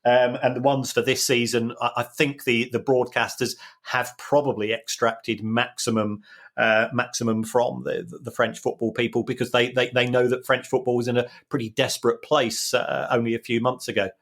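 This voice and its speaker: A man in casual podcast chat, explaining football finances at a measured pace. His voice sits in an ordinary middle register, and he often repeats words as he gathers his thoughts. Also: medium pitch, level tone. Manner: measured, explanatory, with frequent restarts. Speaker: football finance expert co-host.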